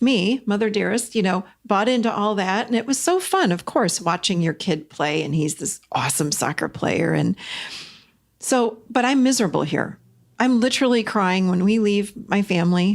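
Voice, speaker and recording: Animated middle-aged woman hosting a podcast. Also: gravelly. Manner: animated and expressive, swings between bright emphasis and low confiding asides. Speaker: podcast host. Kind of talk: casual solo podcast talk.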